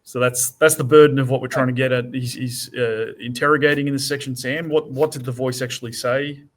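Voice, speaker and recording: A man co-hosting a relaxed book discussion who reads long passages aloud and then explains them. His delivery is measured and steady, at an ordinary middle pitch for a man. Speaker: co-host.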